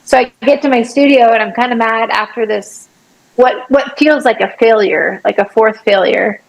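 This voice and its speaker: Animated woman with a gravelly, higher voice. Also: normal speed, rough recording. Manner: animated, acts out her own prayers with leaps in pitch. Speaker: podcast guest, artist and obstacle-course athlete. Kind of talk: faith testimony storytelling in conversation.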